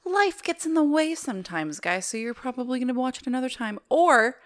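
A woman with a smooth, clear voice co-hosting a relaxed drinks podcast. She talks with upbeat, chatty enthusiasm as she reviews a beer. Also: sits high, brisk. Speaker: podcast co-host. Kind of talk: casual chat.

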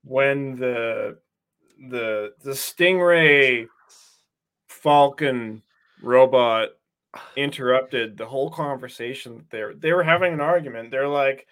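A man's voice: medium pitch, takes it slowly, a bit bright, clear, resonant tone. A man chatting casually while reacting to a movie, sarcastic and profane. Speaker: movie commentator.

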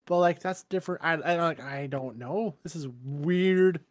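A man co-hosting a podcast in casual chat, excitable, swearing and laughing as he talks. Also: fairly high pitch, normal speed, no echo, studio quality. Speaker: podcast co-host.

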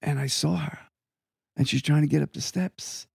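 An older man from Long Island, a guest musician telling rambling, animated stories with frequent asides in an interview. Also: fairly high pitch, normal speed, creaky, breathy edge, no room sound, clean studio sound. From Long Island, New York. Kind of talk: anecdotal storytelling in an interview.

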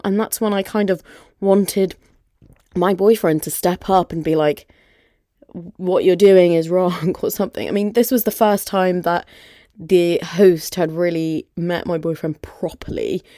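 A woman's voice: on the low side, mellow, no echo, studio quality. A young woman hosts a podcast and tells a personal story candidly, with lots of "like" and "you know". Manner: candid, conversational, many fillers like "like" and "you know". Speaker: podcast host.

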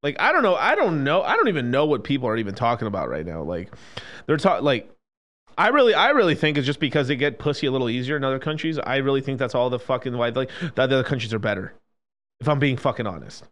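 A man ranting casually on a stream, profane and animated, swinging between loud outbursts and low mutters. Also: fast talker.

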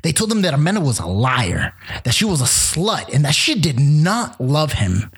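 A man telling a true crime story on a casual podcast, animated and acting out the quotes. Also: on the high side, moderate pace, husky. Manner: animated retelling with acted quotes and casual swearing.

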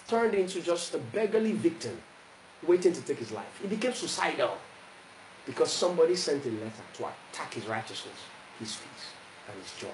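A man preaching a sermon as pastor, animated, acting out the Bible figures in the story and rising to shouts. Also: high voice, fairly quick, echoey room, slight background noise, poor audio.

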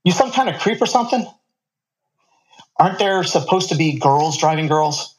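A man's voice: fairly high pitch, lively intonation, fairly quick, lightly acted, rough recording. A man voicing a tough, hard-drinking young woman student who answers curtly and snaps at people. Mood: snappish. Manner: curt, snappish.

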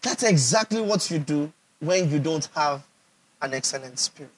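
A Nigerian man preaches in a high, husky voice. He hammers points home by repeating phrases and keeps asking his listeners whether they follow him. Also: lively intonation, moderate pace. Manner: emphatic, repeats phrases for effect, asks the audience questions. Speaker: pastor. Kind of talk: sermon.

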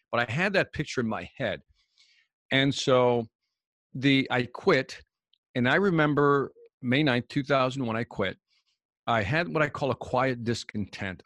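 With a mid-range voice and no room sound, a male guest tells stories in a relaxed interview chat. He is animated, slipping into the voices of the characters in his anecdotes, and the recording is dry.

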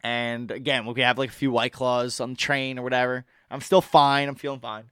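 A young man on a podcast telling a party story in casual chat, animated and profane, acting out his friends' lines. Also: mid-range voice, a little fast, clear, resonant tone, no echo, clean studio sound. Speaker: podcast co-host.

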